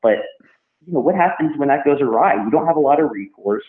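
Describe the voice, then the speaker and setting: Podcast host guy, calm and careful, sounds like he's on a phone line, kinda roomy. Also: mid-range voice. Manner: measured, thoughtful, hedging. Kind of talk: casual chat. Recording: tinny phone line in an echoey room.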